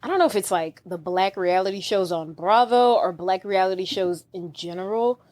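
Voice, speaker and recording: A woman co-hosting a podcast in casual chat, animated and exasperated, often restarting sentences and acting out what she said. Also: medium pitch, normal speed. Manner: animated, exasperated, lots of restarts and quoted outbursts. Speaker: podcast co-host.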